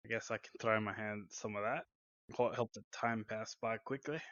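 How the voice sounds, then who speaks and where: A man plays his character in a tabletop game with a laid-back, folksy drawl. His voice is bright and forward, but it comes through a dull, lo-fi mic in a dry room with faint music. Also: lowish voice, fairly even intonation, moderate pace, no room sound. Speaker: player.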